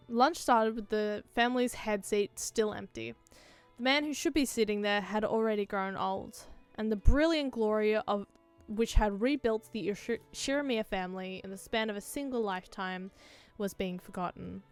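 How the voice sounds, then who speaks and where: A woman's voice: mid-range voice, moderate pace, smooth, dry recording, faint music behind. A woman reading a visual novel aloud and chatting casually between lines, swearing freely. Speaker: streamer.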